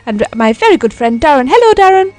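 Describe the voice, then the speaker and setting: Bright-pitched upbeat woman hosting. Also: big pitch swings, fast talker, soft background music. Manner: upbeat, welcoming. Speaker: podcast host. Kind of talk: casual podcast chat.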